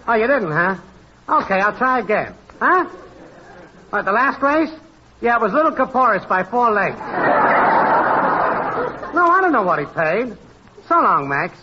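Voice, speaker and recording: A man's voice: high voice, very animated, measured pace, long pauses, highs cut off, very noisy. An actor playing a brash, cocky male network technician in a 1940s radio comedy.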